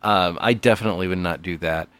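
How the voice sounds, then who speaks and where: A man in casual comedic chat with a dry, unhurried manner. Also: low-pitched, fairly bright tone, no room sound.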